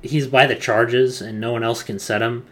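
A male co-host talks casually in a middling pitch. He recaps loosely, with plenty of filler words. His delivery is relaxed and conversational. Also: normal speed. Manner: rambling recaps with many fillers. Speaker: podcast co-host. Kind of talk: casual chat.

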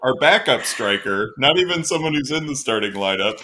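Bright-voiced young man talking soccer. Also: mid-range voice, lively intonation, a little fast. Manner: thoughtful, self-deprecating, laughs easily. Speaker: podcast co-host. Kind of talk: casual sports podcast chat.

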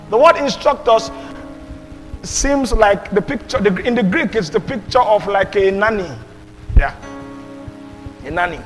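A high-pitched man preaches from the pulpit, reading scripture aloud and swinging between forceful emphasis and near-whispered asides. His voice rings with long hall reverb, and faint music plays under him. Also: a little slow, pauses often. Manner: emphatic, swings between loud and hushed delivery. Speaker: pastor.

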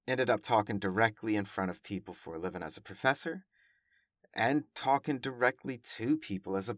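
A professor and podcaster speaks in a relaxed monologue with a somewhat low voice. He over-enunciates his words deliberately and often stops to correct himself. The sound is dry, with no room around it. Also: no room sound. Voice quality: carefully over-enunciated speech. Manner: chatty, self-correcting, with frequent fillers. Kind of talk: casual monologue.

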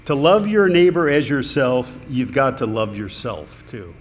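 A man's voice: medium pitch, big pitch swings, a little slow, faint music behind. Earnest man preaching in an echoing hall. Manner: conversational, earnest, with small restarts. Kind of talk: sermon. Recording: long hall reverb, faint room noise.

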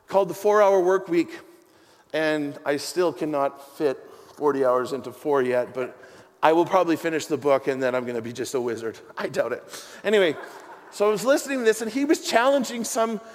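A middle-aged man preaching a sermon, an animated storyteller with a self-deprecating, joking manner. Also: sits high. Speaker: pastor. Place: church hall with congregation. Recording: long hall reverb.

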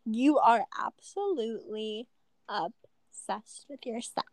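A young woman with a slightly high voice trades playful jabs with a friend on a casual chat podcast. She is giggly and teasing, and her own microphone sounds dry and close. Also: animated, slow pace, no echo. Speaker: co-host.

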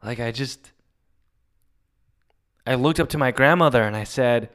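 A man's voice: mid-range voice, measured pace, fairly bright tone, clean tone. Emotional man rambling on a podcast. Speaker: podcast host. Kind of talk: casual solo podcast monologue.

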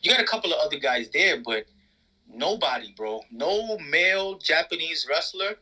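A man co-hosting a casual wrestling chat, talking in an animated, profane, emphatic way. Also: fairly high pitch, moderate pace, breathy edge, rough recording. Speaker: podcast co-host.

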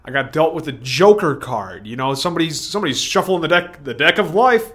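A man's voice: on the high side, lively intonation, a little fast, fairly bright tone, breathy edge. A man hosting his own podcast, talking alone in a rambling, digressive stream of consciousness that keeps breaking off and restarting. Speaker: podcast host. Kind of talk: rambling solo monologue.

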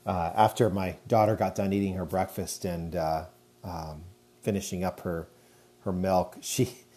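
Solo podcast host, man in his thirties, low voice, loose rambling delivery. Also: fairly even intonation, measured pace, warm tone. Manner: chatty, rambling, frequent fillers. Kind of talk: casual solo podcast talk.

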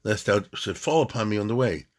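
A man's voice: lowish voice, animated, brisk. A man reading an aged defiant rabbi. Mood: solemn. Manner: solemn poetic recitation. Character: aged devout rabbi defying death, male.

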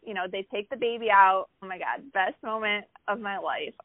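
A woman guest chatting casually about her life, telling a story with lively acted-out quotes and lots of "like" fillers. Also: medium pitch, moderate pace, no echo. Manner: animated, acts out quoted voices, many "like" fillers. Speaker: podcast guest. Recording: tinny phone-like line, dry.

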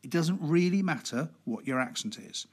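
On a podcast about public speaking, a male host with a husky, slightly breathy voice pitched a little high talks in a relaxed, conversational way. He keeps his pace deliberately slow and drops in fillers.

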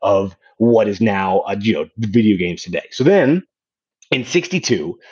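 A man hosting a casual podcast, telling history in an animated way with swearing and many restarts. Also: fairly low pitch, normal speed, breathy edge. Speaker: podcast host. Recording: dull lo-fi sound.

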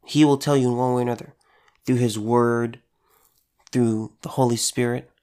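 A man's voice: medium pitch, fairly even intonation, normal speed, mellow. A man giving an informal devotional talk in an earnest, conversational way, repeating phrases for emphasis. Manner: earnest, conversational, with repetitions and restarts. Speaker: preacher.

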